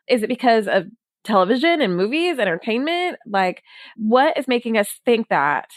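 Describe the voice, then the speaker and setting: Lively high-voiced woman host. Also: normal speed, no echo, studio quality. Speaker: podcast host. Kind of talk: conversational podcast interview.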